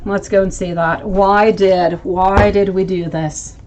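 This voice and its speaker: With a darkish, fairly even mid-range voice, a woman speaks at a slow pace while hosting a livestreamed tarot reading. She calls viewers sweetie, thinks aloud, and sounds affectionate, with slight background noise.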